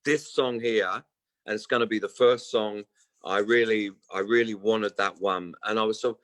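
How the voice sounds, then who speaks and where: A guest musician in his sixties rambles through long stories during a casual interview, acting out the voices of those he quotes. His voice is on the low side and fairly bright, with fairly even intonation at a moderate pace, heard over a remote call with poor audio and no echo.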